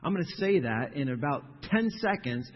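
Husky-voiced man preaching in a hall. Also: fairly high pitch, sing-song, moderate pace. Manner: emphatic, builds to forceful stressed phrases, repeats words. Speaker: pastor. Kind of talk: sermon. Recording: dull sound with long hall reverb.

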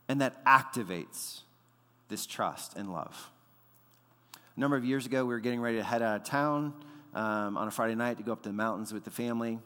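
A man's voice: medium pitch, a little fast, bright, forceful tone. A man in his thirties preaching a sermon as pastor, conversational, with frequent fillers and repeated words. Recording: long hall reverb.

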